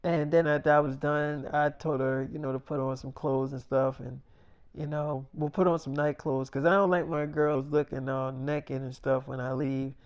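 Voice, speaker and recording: A man's voice: mid-range voice, flat delivery, normal speed, smooth. Rambling man telling a story. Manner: rambling, filler-heavy, slangy. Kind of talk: casual freestyle storytelling.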